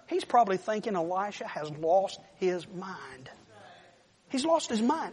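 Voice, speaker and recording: High-pitched guy preaching, acts out the story, big echoey church. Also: a little slow, breathy edge. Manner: animated storytelling, acts out voices. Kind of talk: sermon. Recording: long reverb of a large hall.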